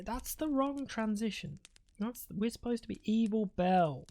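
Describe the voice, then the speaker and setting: A woman with a medium-pitched voice and lively intonation speaks a little slowly as she casts a live strategy game match. Her esports commentary is casual and rambling, full of free swearing and laughter at her own jokes.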